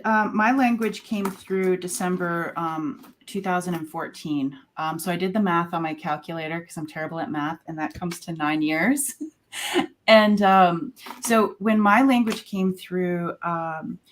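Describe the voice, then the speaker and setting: A woman with a somewhat low voice recounts a personal experience as a show guest. She pauses often on fillers as she talks and picks her words slowly. Her delivery is conversational and unscripted. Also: slight background noise. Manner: halting, many filler pauses.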